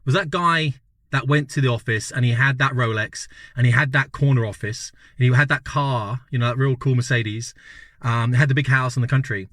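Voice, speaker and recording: In clean, echo-free studio audio, a British man in his fifties, a vlogger, chats his way through a story at normal speed. His medium-pitched voice is a bit bright, and he keeps checking with the listener with "right?" and "you know?".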